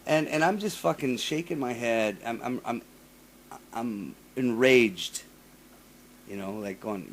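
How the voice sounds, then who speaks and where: Profane storytelling man, animated. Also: mid-range voice, unhurried. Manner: profane, animated, restarts often, mimics others. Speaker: podcast host. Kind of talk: casual storytelling chat.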